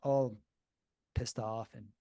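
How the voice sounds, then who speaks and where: Animated man telling a story, dry sound. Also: mid-range voice, takes it slowly, vocal fry, dry recording, lo-fi sound. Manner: animated, blunt, swears freely. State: shaky and upset while recalling. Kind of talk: casual personal storytelling.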